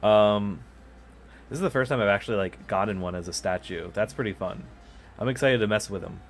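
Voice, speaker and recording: A man with a slightly low voice chats casually while he streams a game. He rambles and often stops to correct himself, joking as he goes. His microphone sits a little way from his mouth. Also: fairly quick, faint music behind. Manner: rambling, self-correcting, playful. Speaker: gaming channel host. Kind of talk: casual chat while live streaming gameplay. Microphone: microphone kept far from the mouth.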